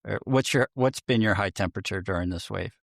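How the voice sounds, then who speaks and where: A man's voice: fairly low pitch, fast talker, vocal fry, no room sound, clean studio sound. An American man co-hosting a podcast in a casual, chatty and upbeat way, laughing easily. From United States. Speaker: podcast co-host.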